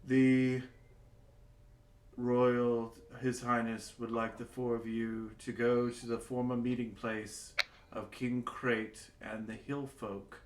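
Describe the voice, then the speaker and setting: A man voicing a shabby male high elf court official who speaks in a low, hushed, measured way. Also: level tone, echoey room, a little hiss or hum, lightly acted, low-quality recording. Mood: solemn.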